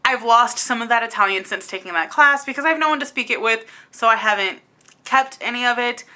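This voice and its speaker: A young woman chatting excitedly and rambling a little as she hosts a casual book video at home. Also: a little high, brisk. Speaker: book vlogger.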